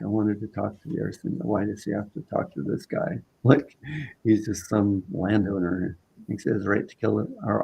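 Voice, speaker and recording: A man from Southern Vancouver Island, a guest in a conversation, telling a story casually in halting phrases full of fillers and restarts. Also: lowish voice, creaky, husky, rough recording. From Southern Vancouver Island, Canada.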